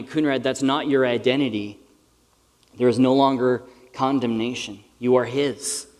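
A middle-aged man preaching a sermon to a live audience, in a conversational, earnest and self-deprecating way. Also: medium pitch. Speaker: pastor. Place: large hall with live audience. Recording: reverberant hall.

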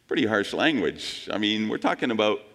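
A man preaching a sermon, telling the story with animated quoted voices. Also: fairly low pitch, a little slow, big-room sound. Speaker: pastor.

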